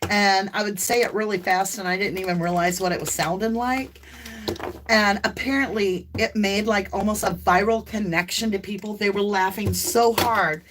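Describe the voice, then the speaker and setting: Southern lady doing a live tarot stream, chatty, laughs a lot, whoops loud, little bit of hiss. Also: medium pitch, steady tone, moderate pace. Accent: light Southern US. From American South. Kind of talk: casual live-stream chat.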